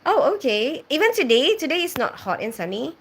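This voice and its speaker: A woman's voice: sits high, very animated, a little fast, fairly bright tone, slight background noise. A young woman who grew up in the Philippines, hosting a casual live stream and reading viewers' comments aloud, chatty and full of fillers. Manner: reads viewer comments aloud and answers them.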